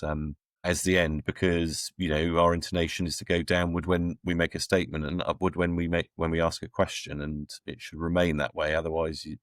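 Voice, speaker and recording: Blunt, deep-voiced man giving opinions. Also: no echo, studio quality. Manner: opinionated, blunt, wry asides. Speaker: guest. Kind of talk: conversational interview answers.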